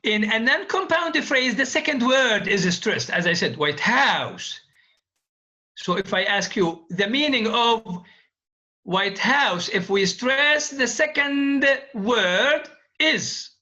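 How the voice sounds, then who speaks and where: A man with a high, bright voice teaches linguistics online in an unhurried, deliberate way. He repeats example words over and over to make his point. The sound is muffled and lo-fi, as through a call. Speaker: linguistics lecturer. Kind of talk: online university lecture.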